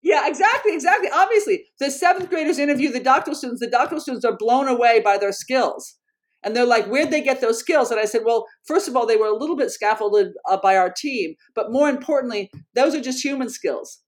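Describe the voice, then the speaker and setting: A woman's voice: a little high, brisk. Earnest woman educator telling a story. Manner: earnest, animated, frequent self-corrections. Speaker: educator and program founder. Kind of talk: conversational interview storytelling.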